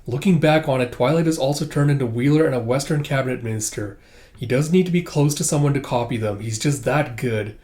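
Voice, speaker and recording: A man's voice: mid-range voice, a little fast, a little mellow. A man casually reading a comic aloud and retelling it with a chatty "he's like" delivery. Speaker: comic reader and commentator. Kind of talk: casual comic read-through.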